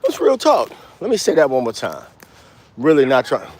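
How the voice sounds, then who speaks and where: A man teaching bass in a casual walk-and-talk outdoors, talking blunt street slang with cursing and counting beats out loud. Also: huge pitch swings, normal speed, husky. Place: outdoors, walking.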